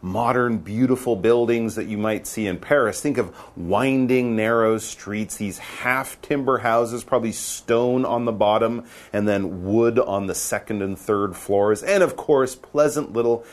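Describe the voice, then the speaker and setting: Animated male English teacher. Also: measured pace, hardly any pauses. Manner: animated, playful, wide pitch swings. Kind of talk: lively explanatory chat.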